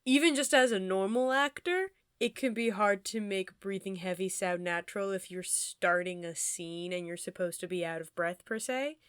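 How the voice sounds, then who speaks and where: A woman's voice: medium pitch, moderate pace, hardly any pauses, clear, resonant tone, no echo, studio quality. A young woman co-hosting a podcast in casual chat, chatty and laughing often, with lots of fillers. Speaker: podcast co-host.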